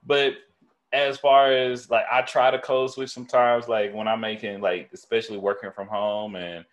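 A man with a deep voice telling stories in casual podcast chat, swearing freely and restarting his sentences often. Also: level tone, moderate pace, lo-fi sound. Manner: casual, profane storytelling with many restarts.

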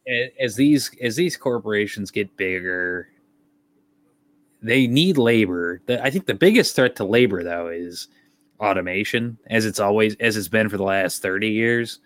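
A man's voice: lowish voice, animated, moderate pace, a bit bright. A man with a nasal Midwestern accent chatting casually, loose and profane, sometimes searching for words. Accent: Midwestern American. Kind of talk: casual podcast chat.

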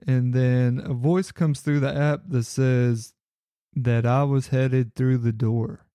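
A man's voice: mid-range voice, steady tone, slow, warm tone, clear, resonant tone, dry recording, clean studio sound. A man narrating his own paranormal recordings, earnest and speculative, in a casual voice-over. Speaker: paranormal investigator.

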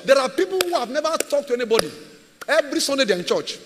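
A man's voice: very high-pitched, sing-song, quick pace, a bit bright, in a large hall, a little hiss or hum. A man preaching a sermon as a pastor, emphatic and repetitive, firing rhetorical questions at his church.

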